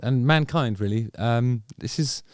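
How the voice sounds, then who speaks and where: A man's voice: mid-range voice, unhurried, no room sound, studio quality. A man hosting a music review video, musing through casual reaction commentary and trailing off into self-corrections. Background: faint music from the video under review.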